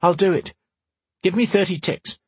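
A man voicing a fierce young woman pirate captain who turns to gruff pirate swagger when she commands her crew. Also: sits high, moderate pace, dry recording, voice pushed up. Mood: urgent, wary.

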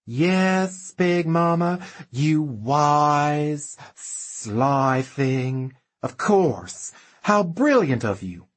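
A man's voice: fairly high pitch, animated, very slow, pitched above the performer's own voice. Man doing a lisping camp gossip. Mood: arch. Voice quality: lisping, drawling. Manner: theatrical, arch, gleeful. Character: flamboyant camp gossiping male writer, lisping.

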